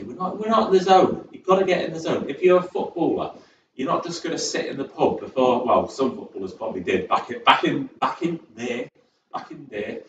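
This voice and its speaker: A man's voice: medium pitch, slight background noise. A young man leading a chair exercise class, chatty and encouraging with rambling asides. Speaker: fitness instructor. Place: community sports centre. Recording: echoey hall, distant, dull sound.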